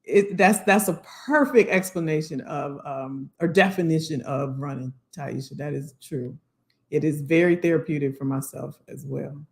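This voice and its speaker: A woman's voice: low voice, normal speed, gravelly. A woman hosting a casual livestream, upbeat and chatty, greeting viewers by name and talking straight to the commenters. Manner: talks to unseen commenters. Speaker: livestream host, career coach.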